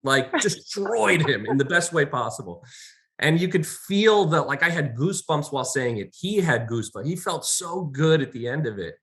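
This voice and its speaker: A young adult man co-hosting a casual talk show, animated and storytelling as a counselor. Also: fairly high pitch, normal speed. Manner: animated, storytelling with acted quotes. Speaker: podcast co-host, counselor. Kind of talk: casual conversation.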